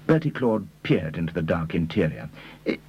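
Male audiobook reader, deep and husky, lively intonation. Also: fairly quick, lo-fi sound. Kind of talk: scripted narration.

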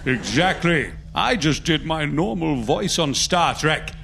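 A man playing a stately elderly actor-captain who speaks gravely and commandingly. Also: a little high, big pitch swings, slow, a bit bright, slight background noise, heavily acted. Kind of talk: sketch comedy impression.

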